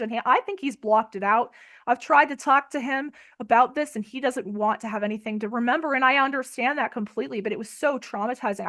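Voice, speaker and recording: A young adult woman with a high voice tells her story in an interview. She sounds tearful and urgent, pressing each point with emphasis. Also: a bit bright. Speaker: interview guest. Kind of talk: emotional personal testimony.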